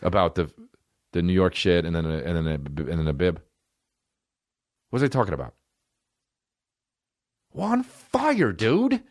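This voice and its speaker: A man's voice: low-pitched, a little fast, pauses often, no echo, studio quality. A man in his thirties hosting a solo comedy podcast, rambling, swearing constantly, losing his thread. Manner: profane, rambling, animated.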